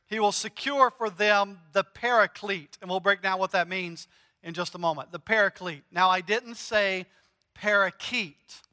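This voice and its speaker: A male pastor preaching a sermon in a conversational, animated way, mixing in jokes. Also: sits high, normal speed. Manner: conversational, animated, joking storyteller. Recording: long hall reverb.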